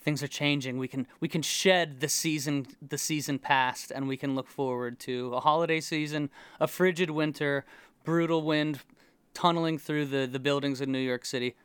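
American guy co-hosting, super clear voice, dry close sound. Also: fairly high pitch, fairly even intonation, moderate pace, fairly bright tone, no echo. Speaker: podcast co-host. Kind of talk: casual chat.

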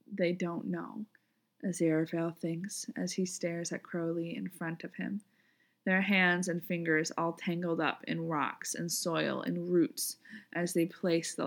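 A woman reads a story aloud in a calm, lyrical way. Her voice sits low with a gravelly, fry-edged texture, and she lets the sentences flow gently. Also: slow pace. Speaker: reader. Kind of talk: reading fan fiction aloud.

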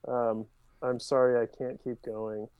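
A man's voice: mid-range voice, level tone, a little slow, smooth, muffled recording. A man co-hosting a casual history podcast, joking and swearing freely between short remarks. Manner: joking, swears casually, reads quotes aloud. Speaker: podcast co-host.

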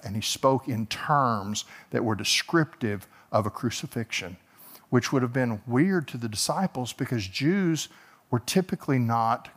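A male pastor preaching an expository sermon, explaining the text verse by verse and voicing the figures in it. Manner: rises in pitch and force as he builds.

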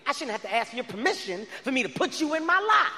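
A man in his thirties doing a loud, profane stand-up comedy routine on stage, shouting his punchlines. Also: extremely high pitch, sing-song, fast talker. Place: large comedy venue on stage. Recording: live hall reverb, faint crowd ambience.

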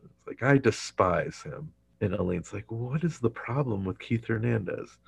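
A man's voice: on the low side, normal speed, gravelly, husky, dry recording. A man casually retelling a sitcom episode, acting out the lines and laughing often. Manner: animated, laughs often, many fillers. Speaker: podcast host recapping an episode. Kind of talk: casual retelling with acted quotes.

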